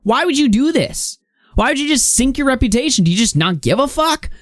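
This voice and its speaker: A woman's voice: high-pitched, very animated, a little fast, no room sound, clean studio sound. A young woman in her late teens hosting a live online commentary stream, reading posts aloud and ranting bluntly with plenty of swearing.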